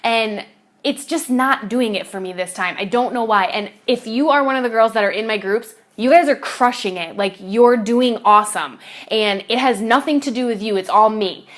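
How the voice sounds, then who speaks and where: A woman's voice: on the high side, normal speed. A woman fitness coach talking to camera in a casual confessional vlog, rambling with fillers and restarts and swearing casually.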